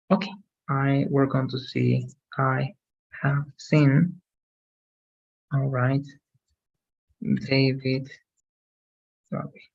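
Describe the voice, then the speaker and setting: A man's voice: mid-range voice, creaky, lo-fi sound. A man teaching English grammar one-on-one, explaining patiently and checking for understanding with frequent "okay?".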